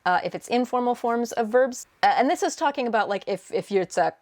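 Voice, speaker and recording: A woman's voice: fairly high pitch, lively intonation, brisk, darkish tone. Chatty woman answering viewer questions. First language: English. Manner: chatty, many fillers and restarts, laughs often. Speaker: translator and video host. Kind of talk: casual Q&A vlog.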